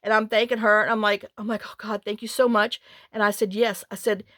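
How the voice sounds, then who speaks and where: A woman's voice: mid-range voice, brisk, dry recording, studio quality. Chatty woman telling a long story. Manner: rambling, animated, with many restarts and quoted dialogue. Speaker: craft channel host. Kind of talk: casual chatty storytelling while crafting.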